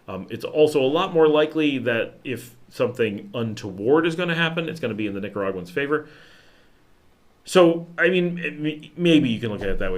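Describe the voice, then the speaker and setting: A man from the United States hosting a live Q&A stream, talking in a rambling, conversational way, with many fillers and restarts, and his voice trails low at the ends of phrases. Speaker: livestream host answering viewer questions. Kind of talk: casual live Q&A chat.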